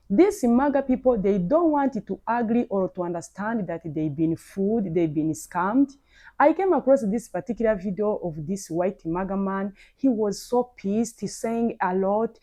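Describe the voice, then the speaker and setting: A woman's voice: mid-range voice, warm tone. A woman hosting a reaction commentary channel, talking in an incredulous, lecturing way.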